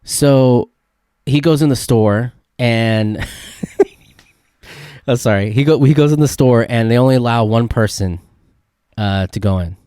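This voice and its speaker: A young man from California, hosting a casual solo podcast and telling a rambling, excitable story full of "dude" and "like". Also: mid-range voice, unhurried, long pauses, clear, resonant tone, no echo, studio quality. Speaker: podcast host.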